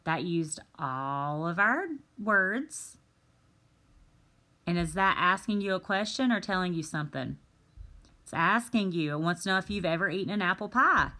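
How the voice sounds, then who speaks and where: A woman teacher reading words slowly and carefully, talking young students through a phonics worksheet. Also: lowish voice, lively intonation, pushed and bright. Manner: slow, careful, drawn-out word reading. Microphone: tablet microphone.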